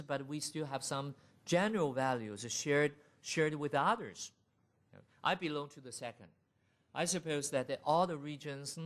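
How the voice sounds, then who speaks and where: A middle-aged man giving a university lecture in a deliberate manner, laying out his points as lists. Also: fairly high pitch. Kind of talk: academic lecture.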